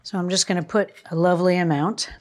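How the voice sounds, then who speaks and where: A woman's voice: on the low side, steady tone, fast, a little mellow. A woman hosting a cooking show, chatting to viewers in a gushing, casual way as she demonstrates a recipe.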